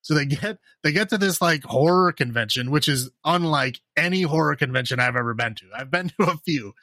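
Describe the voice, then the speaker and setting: A man co-hosting a podcast, chatting casually about a horror film, sarcastic and animated, with lots of fillers and laughs. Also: fairly high pitch, fairly quick, dry recording. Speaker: podcast co-host. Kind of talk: casual horror movie chat.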